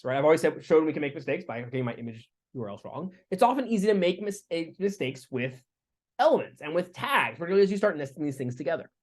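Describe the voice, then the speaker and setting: A man teaching a lecture with live coding, talking in a relaxed way with fillers and restarts. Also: fairly high pitch. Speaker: instructor.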